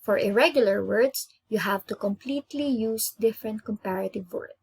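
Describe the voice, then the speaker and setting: A woman with an Indonesian accent teaching an English grammar lesson, explaining rules patiently and repeating each example slowly. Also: medium pitch, gravelly, darkish tone, slightly rough.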